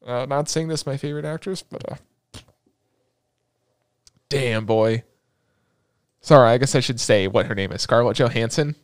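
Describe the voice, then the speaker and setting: A young man co-hosting a podcast, excitable and joking, rambling in casual chat. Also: mid-range voice, moderate pace, pauses often, smooth, no echo, studio quality. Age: young adult. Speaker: podcast co-host.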